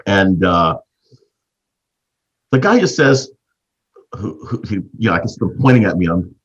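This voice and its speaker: A man in his fifties from Canada, hosting and telling a business story as an animated storyteller with a husky voice. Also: a little slow, muffled recording. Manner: animated storyteller, big swings in pitch. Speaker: host.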